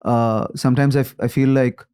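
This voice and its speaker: A man with an Indian accent, a comedian guest talking in an animated, reflective way on a casual podcast, slipping in Hindi phrases. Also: medium pitch, a little fast, clean tone.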